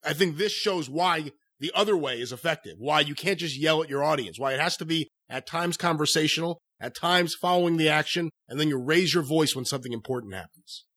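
A man with a bright, forceful voice walks through old wrestling matches with eager, analytical chat. He sounds close and dry, with no room around him. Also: a little high, fairly quick, dry recording. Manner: enthusiastic play-by-play recapping. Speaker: wrestling review podcast co-host.

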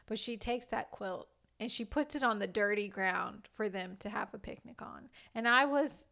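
A woman's voice: mid-range voice, normal speed, gravelly, bright, forceful tone. A woman co-hosting a podcast, giggly and gushing in a casual movie review chat. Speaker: podcast co-host.

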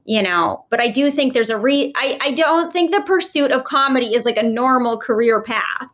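A woman's voice: fairly high pitch, normal speed. A woman guest on a podcast telling a personal story casually, acting out the quotes. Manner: animated, acts out quotes, laughs often.

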